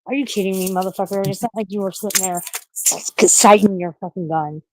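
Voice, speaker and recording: A woman's voice: medium pitch, quick pace, a little hiss or hum. A woman chatting on a livestream, swearing a lot and sounding scared and out of breath outdoors at night. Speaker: streamer. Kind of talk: casual livestream chat.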